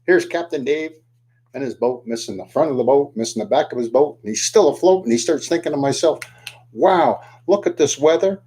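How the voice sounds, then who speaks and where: A man telling a folksy story, animated, asking the listener questions as he folds a paper boat. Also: mid-range voice, fast, husky. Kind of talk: oral storytelling to the camera.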